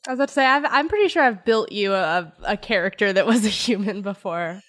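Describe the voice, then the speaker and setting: A woman's voice: mid-range voice, animated, fast, fairly bright tone. A woman who plays in a tabletop podcast, chatting playfully and laughing often, on a headphone mic. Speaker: podcast player. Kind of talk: casual podcast chat.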